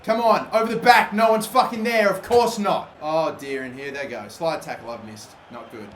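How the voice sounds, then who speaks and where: A young male gamer with a slightly high voice talks through his football match. He curses nonstop, groaning at missed chances and yelling when play heats up. The recording is echoey, with a faint hiss underneath. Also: moderate pace. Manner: swears constantly, swings between exasperated and excitable yelling. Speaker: gaming channel host. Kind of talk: live football game commentary. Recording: echoey room with faint background noise.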